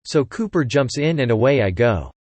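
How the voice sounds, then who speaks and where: A man narrating a first-person story in a steady, plain voice, retelling the dialogue as he goes. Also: medium pitch, moderate pace, no echo.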